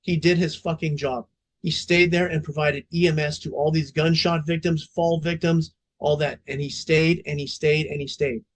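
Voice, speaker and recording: Middle-aged fire dept vet guy, kinda high voice, blunt and sweary, telling a story on a podcast. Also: little pitch movement, moderate pace. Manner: emphatic, profane, blunt. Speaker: fire department veteran guest.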